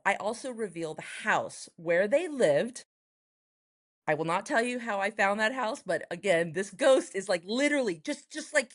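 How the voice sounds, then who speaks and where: Animated woman telling a family story. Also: a little slow. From Texas. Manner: lively, acts out quoted voices with big pitch jumps. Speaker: guest, writer and performer. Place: home in Los Angeles, noise next door.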